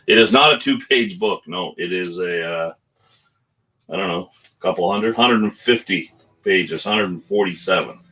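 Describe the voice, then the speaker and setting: A man from Canada talks casually about a book, now and then reading lines aloud slowly and deeply. His voice sits low and has a husky, breathy edge. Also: sharp tone, rough recording. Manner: reads book passages aloud in a slow, low voice. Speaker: guest whisky reviewer. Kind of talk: casual chat.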